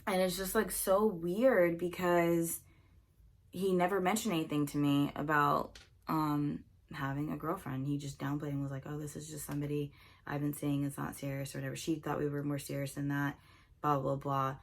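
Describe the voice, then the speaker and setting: A young woman with a low, deeper-than-usual voice, chatting through a storytime while she does her makeup. She tells it in a loose, animated way, filled with "like" and acted-out bits of dialogue. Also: moderate pace. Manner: chatty, animated retelling with lots of "like" and quoted dialogue. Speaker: beauty vlogger telling a storytime. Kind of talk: casual storytime chat while doing makeup.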